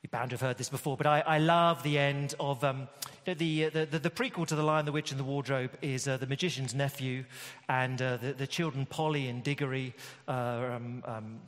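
A man preaching a sermon, enthusiastic and storytelling, often pausing with fillers as he gathers thoughts. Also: mid-range voice, fairly even intonation. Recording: long hall reverb.

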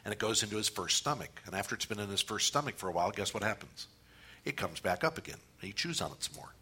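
A man preaching a sermon, animated, with repeated phrases and pauses. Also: fairly low pitch, husky. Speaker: pastor.

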